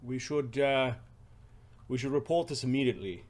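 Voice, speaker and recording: A man voicing a formal, courteous male official who speaks in a measured way. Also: medium pitch, darkish tone, close to an everyday voice.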